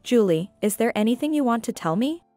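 A woman voicing a gentle, hurt middle-aged divorced mother in a read-aloud story, speaking in a soft, measured way. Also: a little high, expressive, dry recording, soft background music, close to an everyday voice.

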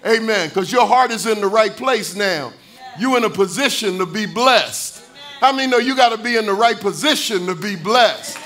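Pastor, male, high bright voice, preaching with call-and-response, rising to shouts and sung lines. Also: moderate pace, faint music behind. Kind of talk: sermon.

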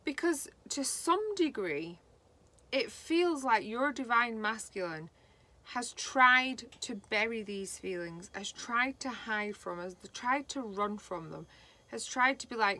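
A woman gives a spiritual card reading in a bright, clear voice. She speaks slowly and haltingly, pausing often as she puts feelings into words. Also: fairly high pitch, expressive. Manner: slow, halting and emotional, channeling feelings. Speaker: tarot reader.

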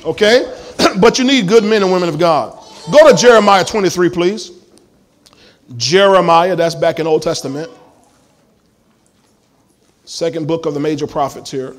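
A man's voice: a little high, normal speed, long pauses. A male pastor preaching a sermon in a church, emphatic and full of call-and-response questions to the congregation.

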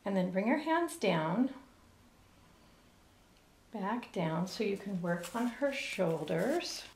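A middle-aged woman giving a step-by-step cake decorating lesson, explaining each move gently and carefully. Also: medium pitch, lively intonation, takes it slowly, slight background noise. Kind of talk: step-by-step demonstration. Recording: echoey room.

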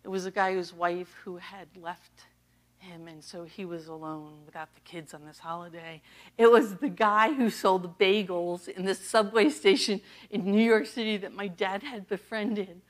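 Speaking at medium pitch and normal speed, this middle-aged woman, an associate pastor from the US East Coast, shares her testimony in a sermon. She tells the story animatedly, laughing frequently.

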